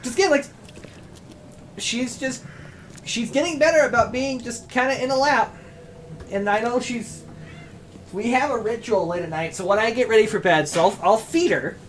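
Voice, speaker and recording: A man's voice: extremely high pitch, normal speed, long pauses, a little hiss or hum. A man streaming a video game in casual, rambling commentary, chatting to his cat between moves. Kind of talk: casual let's-play commentary.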